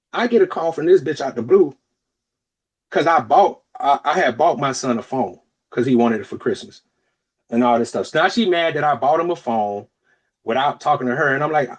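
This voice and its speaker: A young man from Florida tells a story on a casual podcast. He is loud and profane one moment and drops to a low mutter the next. His speaking voice sits a little high for a man. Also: normal speed. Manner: animated, profane, swings between loud outbursts and low asides. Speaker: podcast co-host.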